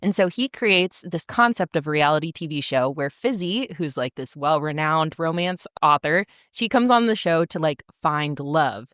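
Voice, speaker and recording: A woman's voice: deep voice, animated, normal speed, hardly any pauses, a bit bright, no echo, clean studio sound. A woman co-hosting a podcast, chatting enthusiastically and casually, with lots of filler words. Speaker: podcast co-host. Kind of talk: casual chat.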